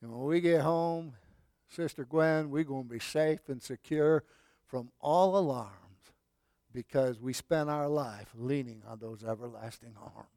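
A man preaching a sermon in a folksy way, swinging from loud calls to hushed lines. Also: medium pitch, a little slow, dry recording. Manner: folksy, swells loud then drops to near whispers. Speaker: pastor.

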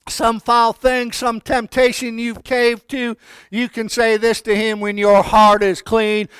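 A man preaching a sermon with fervor, swinging from quiet talk up to shouted declarations. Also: extremely high pitch, clean tone, no echo. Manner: fervent, rising to shouted declarations.

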